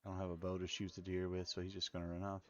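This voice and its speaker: A man's voice: low voice, monotone, very fast, lo-fi sound. A man with a Tennessee accent, streaming a game and muttering his way through it while chatting to viewers. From Middle Tennessee, US. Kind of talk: casual live game commentary.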